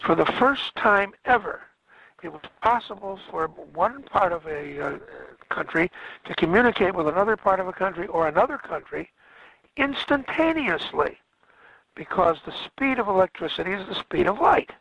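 A man with a gravelly, slightly high voice gives a classroom history lecture, wandering off track and correcting himself as he goes. The sound is dry and close, with no room around it. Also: lively intonation, moderate pace, sharp tone, dry recording, poor audio. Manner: rambling, self-correcting, with frequent fillers.

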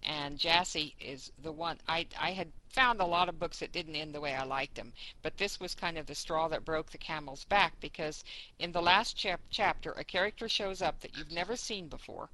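A woman's voice: sits low, normal speed, pushed and bright, rough recording. A woman in a casual group chat, talking in a chatty, rambling way with fillers as she reminisces. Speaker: book discussion group member.

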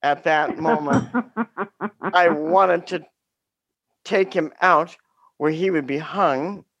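A middle-aged woman telling a story about her teaching days, with a deliberate, dramatic delivery and wry humor. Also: low voice, fairly bright tone, dry recording, lo-fi sound.

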